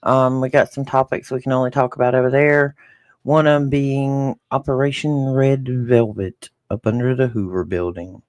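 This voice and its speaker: A man's voice: medium pitch, fairly even intonation, moderate pace, darkish tone, dry recording. A man with a rural Southern American drawl talks casually to his live audience, folksy and chatty as he reads comments aloud. His voice sits in a plain middle range. The sound is dry and close, with no room behind it. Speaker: podcast co-host. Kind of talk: casual chat to live viewers.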